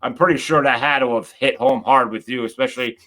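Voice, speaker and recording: A man's voice: medium pitch, fairly even intonation, a little fast, bright, forceful tone. A man hosting a casual talk show, rambling and restarting his sentences. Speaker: host. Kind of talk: casual chat.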